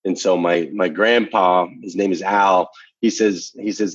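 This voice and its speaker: A man's voice: deep voice, steady tone, unhurried, breathy edge, dry recording, muffled recording. A man guest telling a personal story in a casual conversation, emphatic and repeating phrases for effect, ending with a motivational challenge. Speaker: podcast guest.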